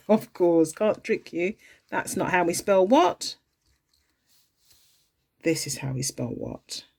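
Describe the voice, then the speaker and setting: A woman's voice: fairly low pitch, expressive, slow pace, vocal fry, pauses often, darkish tone, slightly rough. A woman teaching a phonics lesson to young children from home, in an exaggerated sing-song way, playfully pretending to make mistakes. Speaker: early years teacher.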